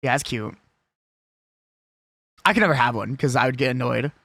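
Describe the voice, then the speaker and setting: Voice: medium pitch, animated, moderate pace, pushed and bright, no room sound. A young adult live streamer chatting casually and with strong opinions while reading a list aloud.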